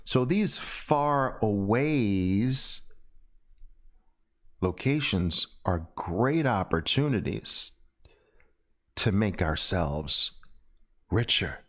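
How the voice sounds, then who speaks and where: A middle-aged man leads a trading lesson in a lively, swooping voice. He talks at an unhurried pace, repeats his phrases, and punctuates his points with loud exclamations. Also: medium pitch. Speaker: trading instructor. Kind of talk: screen-share trading lesson.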